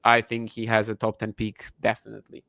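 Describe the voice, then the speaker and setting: A man's voice: on the low side, completely flat delivery, brisk, vocal fry, bright, forceful tone, dry recording. A man co-hosting a podcast, chatting casually and thinking aloud with frequent restarts. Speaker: podcast co-host. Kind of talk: casual chat.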